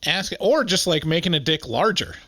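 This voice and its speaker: A man co-hosting a podcast in casual chat. He laughs often and fills pauses with "like" and "um.". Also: fairly high pitch, lively intonation, pushed and bright, no room sound. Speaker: podcast co-host.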